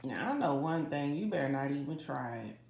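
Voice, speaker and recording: Brief: woman tarot reader, low voice, dramatic and chatty with viewers, roomy kitchen echo. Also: expressive, brisk, gravelly, darkish tone, a little hiss or hum. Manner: dramatic, talks straight to viewers with "y'all". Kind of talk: casual psychic reading to camera. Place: home kitchen.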